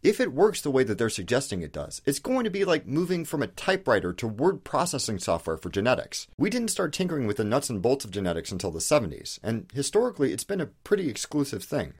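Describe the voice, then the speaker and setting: A man's voice: mid-range voice, big pitch swings, fast, hardly any pauses, breathy edge. A man hosting an educational video, delivering a scripted explainer with emphatic, rhetorical questions and casual asides. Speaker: host of an educational video channel.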